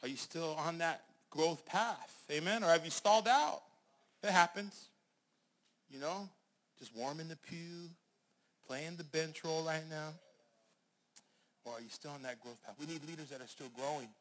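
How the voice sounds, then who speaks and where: A middle-aged male pastor preaching with energy, calling for amens and rising to shouts. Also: a little high, normal speed, long pauses. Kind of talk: sermon.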